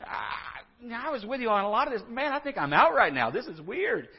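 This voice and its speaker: A puzzled man talks himself out of following along, casual and quick, as a man puts him on. The voice sits well above its usual pitch and has a husky edge. The recording is muffled, with a long hall echo. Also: big pitch swings, exaggerated voice. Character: puzzled, put-off male listener backing away. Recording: dull lo-fi sound with long reverb.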